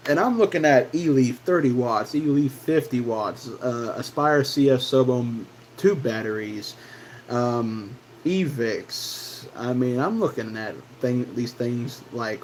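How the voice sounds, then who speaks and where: A man's voice: medium pitch, a little slow, darkish tone, slight background noise, low-quality recording. A man hosting his own channel, telling a personal story in a loose, casual way, full of fillers and restarts. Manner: rambling, many fillers and restarts. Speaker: channel host.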